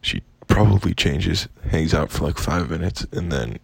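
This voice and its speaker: A young man tells a casual, profane storytime rant with exasperated energy. His voice is low and rough, full of vocal fry with a husky edge. His pitch swings widely as he vents. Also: lively intonation, normal speed, darkish tone, dry recording. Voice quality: gravelly, husky. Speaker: vlogger.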